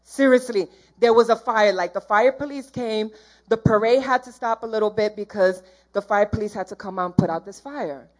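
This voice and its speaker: A woman's voice: on the high side, moderate pace. A woman giving a church testimony in an earnest, heartfelt, rambling way, jumping around in her story.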